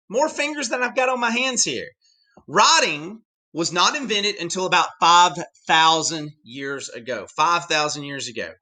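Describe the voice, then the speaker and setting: Animated Southern US teacher, man. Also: a little high, moderate pace. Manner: animated, chatty, with many asides. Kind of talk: classroom lecture.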